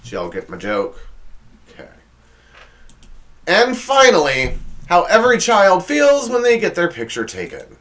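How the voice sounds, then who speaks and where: A man hosts a comedic monologue. His voice sits a bit high and swings widely in pitch. He sounds sarcastic and exasperated, and he stumbles and restarts his sentences. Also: huge pitch swings, unhurried, pauses often, a bit bright. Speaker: comedy show host.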